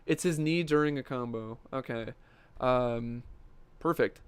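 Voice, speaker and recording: A young man casually commentating his own fighting-game livestream, chatty and excitable, talking to his chat and laughing often. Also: mid-range voice, unhurried, smooth, dry recording. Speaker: gaming livestreamer. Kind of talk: casual live gameplay commentary.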